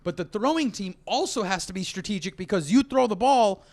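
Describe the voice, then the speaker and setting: A man's voice: high-pitched, expressive, brisk, darkish tone. A man with a New York accent, a comedian host telling rambling stories in casual chat. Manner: rambling storytelling with restarts and laughs.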